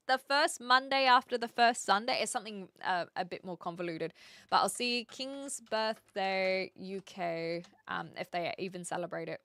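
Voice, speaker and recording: A woman with a New Zealand accent chats on her livestream, her voice bright and clear. The sound is close and dry, with almost no room in it. She explains at length and fills the gaps with ums and little laughs. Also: medium pitch, no echo. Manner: chatty, explanatory, with frequent fillers and laughs. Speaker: livestream host. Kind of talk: casual chat reading out viewer comments.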